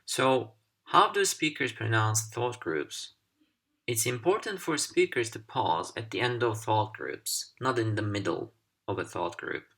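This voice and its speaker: A man whose first language is Turkish, teaching a recorded English pronunciation lesson in a deliberate, clearly articulated manner. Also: medium pitch, animated, a bit bright. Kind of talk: instructional video lesson.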